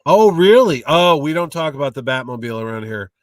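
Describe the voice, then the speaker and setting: A man telling funny stories in a casual interview, an animated, jokey storyteller. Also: medium pitch, fairly quick, no echo, recorded from a distance. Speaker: guest, comic con owner.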